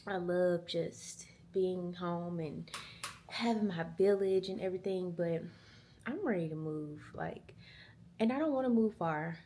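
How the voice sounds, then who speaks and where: A woman's voice: on the low side, measured pace, slight background noise. A woman in her twenties, a mom vlogger chatting casually and animatedly to her camera. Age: 20s. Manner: chatty, animated, uses y'all and girl. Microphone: small handheld camera.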